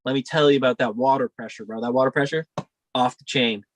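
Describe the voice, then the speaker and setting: A man's voice: medium pitch, steady tone, fast talker, a little hiss or hum. A young man co-hosting a podcast, telling a rambling, profane story in casual chat. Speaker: podcast co-host.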